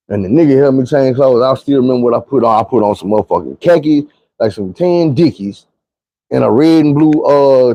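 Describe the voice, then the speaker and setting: A man's voice: mid-range voice, warm tone, dry recording. Laid-back man telling stories. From Arkansas, US. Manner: profane, laid-back, slangy, acts out quotes. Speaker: storyteller. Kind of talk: casual storytelling.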